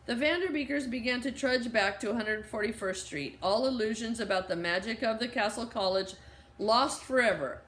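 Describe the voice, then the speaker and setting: Brief: woman audiobook narrator, higher voice, steady storybook reading, echoey room. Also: moderate pace. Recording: roomy echo.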